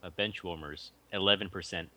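A man's voice: low-pitched, fairly even intonation, a little fast, sharp tone, slight background noise. A young man co-hosting a casual movie podcast, wry and teasing as he reads out critics' verdicts. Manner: teasing, wry, reads quotes aloud with laughs. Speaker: podcast co-host. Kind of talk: casual chat about movies.

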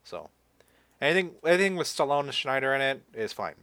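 A man's voice: medium pitch, very animated, brisk, sharp tone, no room sound. A young man chatting casually about movies as a podcast co-host, rambling with lots of fillers and restarts.

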